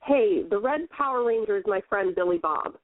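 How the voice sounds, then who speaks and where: A woman's voice: mid-range voice, animated, normal speed, dry recording, phone-quality sound. A woman co-hosting a casual chat, playful and giggly, mostly giving short replies.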